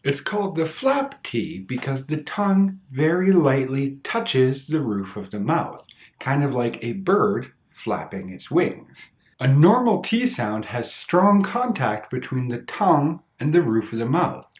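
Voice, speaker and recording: A man teaching an English pronunciation lesson from a script, slowly and carefully demonstrating sounds with repeated example words. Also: medium pitch, very animated. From Canada.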